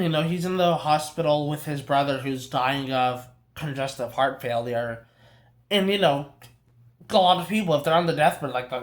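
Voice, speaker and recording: A young adult reviewing a film in a casual rant, swearing a lot, exasperated and rambling with frequent restarts. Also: medium pitch. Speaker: movie reviewer.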